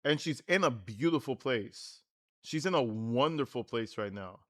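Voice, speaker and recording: A man's voice: mid-range voice, lively intonation, a little slow. A man hosting a livestream, commenting in a blunt, sarcastic way with lots of swearing.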